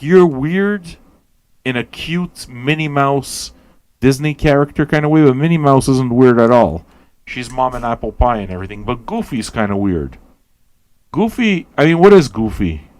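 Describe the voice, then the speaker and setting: A man hosting a radio show, rambling and swearing as he questions everything aloud, tired and high. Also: expressive, normal speed, dry recording. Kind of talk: casual rambling talk to listeners.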